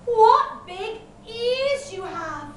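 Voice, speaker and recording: Woman playing a sweet curious little storybook girl, very high and squeaky, echoey distant room. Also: slow, a bit bright, a little hiss or hum, heavily acted. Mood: wide-eyed. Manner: high, wide-eyed exclaiming.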